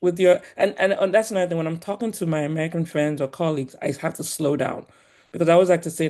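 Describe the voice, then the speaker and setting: A woman with a Nigerian accent softened by years in the US, talking as a guest in an animated, emphatic way and laughing often. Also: deep voice, quick pace. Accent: Nigerian, polished by years in the US. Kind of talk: casual conversation.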